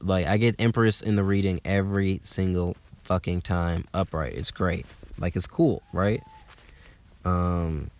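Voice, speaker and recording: A young man from telling a casual, animated story, swearing freely and using lots of fillers. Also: sits low, a little slow. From Atlanta, USA. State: slightly hungover.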